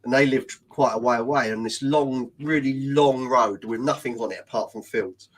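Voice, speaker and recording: A middle-aged British man telling funny stories in casual chat. He talks in an animated way, laughs as he goes and swears freely. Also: mid-range voice, moderate pace, rough recording. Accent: British English.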